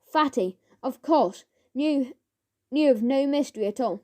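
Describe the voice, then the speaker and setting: A woman narrating a children's audiobook in a measured storytelling manner. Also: high voice, animated, dark tone.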